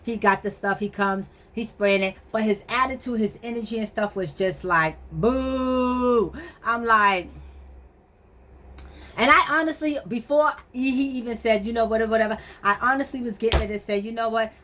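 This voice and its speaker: A woman casually retelling a frustrating story, animated and exasperated, full of slangy asides and quoted back-and-forth. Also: fairly high pitch, normal speed. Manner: conversational, slangy, frequent fillers like "or whatever".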